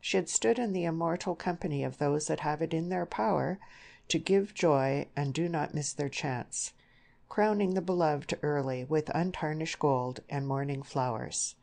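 Low-voiced woman reading a novel. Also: moderate pace, vocal fry, a little mellow. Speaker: audiobook narrator. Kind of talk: scripted narration.

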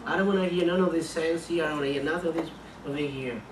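A man's voice: a little high, rapid-fire, slight background noise, lightly acted. A male preacher voicing a threatening armed man in his story, in non-native English, in an echoey church. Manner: shouted threats. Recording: echoey church room, mic at a distance.

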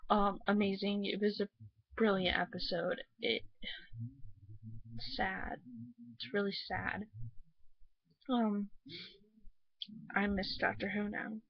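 A woman's voice: mid-range voice, fairly even intonation, slow, creaky, pauses often, breathy edge, dry recording. Gushing young American woman on a dull mic. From United States. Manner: gushing, rambling, with many fillers. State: just finished crying. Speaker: vlogger. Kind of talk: casual emotional video review.

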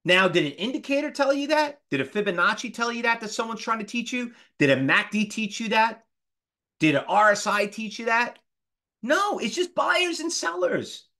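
High-voiced man in his fifties teaching. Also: normal speed. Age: 50s. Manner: animated, fires rhetorical questions at the class. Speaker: trading instructor. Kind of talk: live class lecture.

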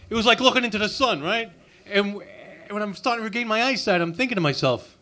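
A man's voice: sits high, animated, quick pace, few pauses, sharp tone. Crude, abrasive stand-up comic, a man. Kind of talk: insult stand-up routine. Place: comedy club open mic.

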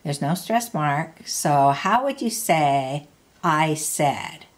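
Speaking slowly in a low, expressive voice, a woman leads an unhurried language lesson. She patiently has the listener repeat words and asks how various phrases are said.

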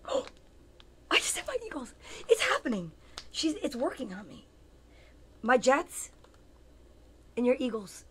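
A comedian in her fifties, hosting her own show, addresses viewers by name in a rambling, playful, self-mocking live chat. Her voice is a little high with a fairly bright tone, and there's a little hiss or hum on the recording.

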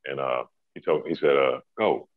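A man's voice: very deep voice, fairly even intonation, moderate pace, no room sound. A middle-aged man, a former pro basketball player, telling stories in a laid-back, laughing way with many fillers. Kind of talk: casual storytelling. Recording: dry, tinny phone-like sound.

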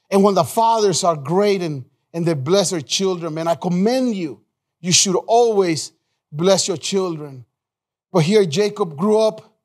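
A male pastor preaching a live sermon in a church, emphatic, repeating phrases, calling on the congregation and restarting his sentences in quick bursts. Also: very high-pitched.

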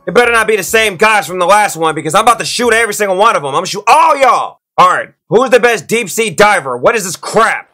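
A man giving excitable, slangy let's-play commentary to his viewers as a YouTube gamer. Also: high-pitched, fast, few pauses, soft background music.

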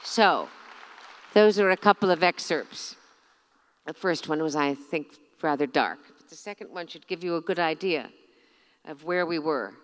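A middle-aged woman reads from her own memoir with measured, theatrical care. Her voice sits on the low side for a woman. The bookstore event room adds a long reverb that rings behind every phrase. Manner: measured, expressive, theatrical reading. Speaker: author. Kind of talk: reading aloud from her memoir.

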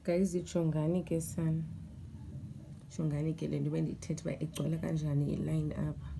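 A woman's voice: sits low, flat delivery, fairly quick, vocal fry. A young South African woman vlogging in a casual, chatty way, complaining in an exasperated tone and talking straight to her viewers. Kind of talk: casual vlog chat to camera. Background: background music.

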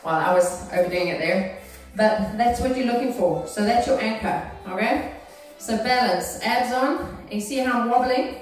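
A woman fitness instructor leads an exercise class, cueing each move while encouraging her students and checking in on them. Her voice is on the high side, at normal speed with hardly any pauses. It's recorded from far off in a very echoey room with faint music.

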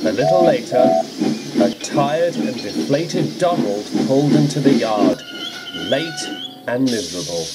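A man narrating a children's storybook adaptation in an expressive reading style, with music underneath. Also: medium pitch, a little slow, very noisy.

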